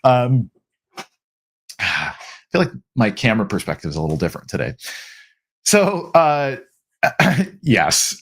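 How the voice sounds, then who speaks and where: A man's voice: mid-range voice, very animated, slow, pauses often, a bit bright, husky. An American man hosting a live question-and-answer stream, talking casually with frequent restarts and acted-out quotes. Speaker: host answering viewer questions. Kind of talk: live Q&A chat.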